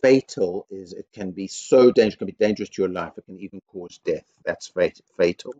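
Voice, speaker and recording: A man, a headteacher, giving a school assembly to young children with slow, simple explanations and lots of repetition. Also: low-pitched, dark tone, no echo, muffled recording.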